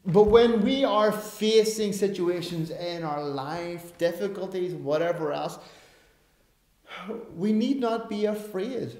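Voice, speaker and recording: A man's voice: high voice, animated, takes it slowly, darkish tone. A man preaching a sermon, emphatic and given to self-aware asides. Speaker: pastor. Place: church. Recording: roomy church echo.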